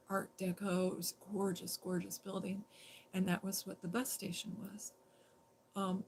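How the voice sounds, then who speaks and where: A woman hosting a livestream, telling a rambling, animated story in casual talk and acting out the lines of the people in it. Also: medium pitch, slight background noise. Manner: animated, rambling, quotes others in dialogue. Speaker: livestream host.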